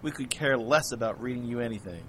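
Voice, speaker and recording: An actor playing a special agent with a dry wit who turns stern in the interrogation room. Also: male voice, mid-range voice, fast, fairly bright tone, slight background noise, natural voice.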